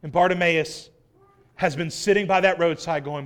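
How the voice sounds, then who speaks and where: Male preacher with a high voice, dramatic sermon reading. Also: fairly even intonation, moderate pace. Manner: dramatic scripture reading, swelling loud then dropping soft. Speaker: pastor.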